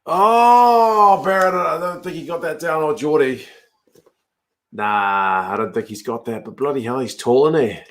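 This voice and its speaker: A man's voice: medium pitch, lively intonation, moderate pace, a bit bright. A laid-back man hosts a live rugby watch-along. He talks in a mid-range voice, chatting casually, reacting to each play and reading out viewer comments. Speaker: host.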